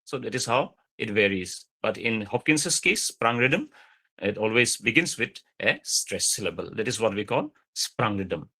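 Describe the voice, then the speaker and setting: A man lecturing over a video call, explaining slowly with many fillers and repeated points. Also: lowish voice, expressive, sharp tone, breathy edge.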